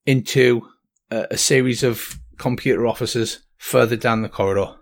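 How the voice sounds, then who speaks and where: A man's voice: medium pitch, fairly even intonation, moderate pace. A man narrating a tabletop game as game master, with many ums and restarts. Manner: hesitant, lots of ums and restarts.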